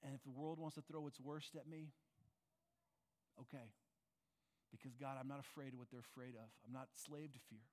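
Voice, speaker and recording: A man's voice: medium pitch, fairly even intonation, moderate pace, pauses often, a little mellow. A man preaching a sermon as pastor, earnest and conversational, often asking his listeners questions. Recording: long reverb of a large hall.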